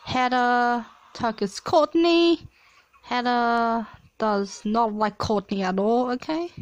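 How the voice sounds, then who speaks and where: A young woman gives a casual running commentary while playing a simulation game at home. Her voice sits a little high and she reads the results slowly, breaking in with excited exclamations. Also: no room sound, highs cut off. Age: young adult. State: coughing at times. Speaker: player reading a simulator. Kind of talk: casual play-along commentary.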